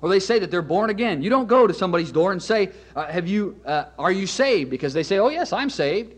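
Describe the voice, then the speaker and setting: A man preaching a sermon as an evangelist, emphatic, repeating key phrases slowly for weight. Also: high voice, expressive.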